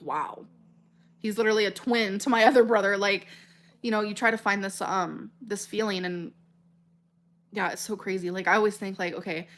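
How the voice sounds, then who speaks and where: A woman's voice: mid-range voice, fairly bright tone. Rambling, emotional woman livestreamer. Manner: rambling, stumbling over words, filler-heavy; emotional and earnest. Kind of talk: casual livestream chat, reading comments.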